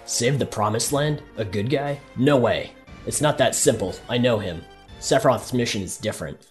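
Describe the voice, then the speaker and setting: A player reading the lines of a terse young male ex-soldier hero in a flat, curt delivery. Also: mid-range voice, moderate pace, faint music behind, lightly acted.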